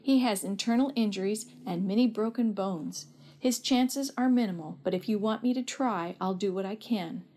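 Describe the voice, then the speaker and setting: A woman's voice: mid-range voice, normal speed, mellow, close to an everyday voice. A woman voicing a sympathetic male veterinarian in a storybook reading. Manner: sympathetic, plain.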